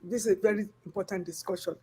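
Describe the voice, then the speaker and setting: A woman from Africa with an African accent, hosting a talk show discussion, animated and emphatic, laughing often. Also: mid-range voice, fast talker, breathy edge. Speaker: host.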